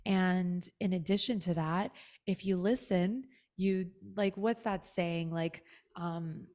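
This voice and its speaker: Woman guest, spiritual guide, sincere and reflective, lower voice. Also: slow, darkish tone. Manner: earnest and reflective, fills talk with "like". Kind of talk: casual chat.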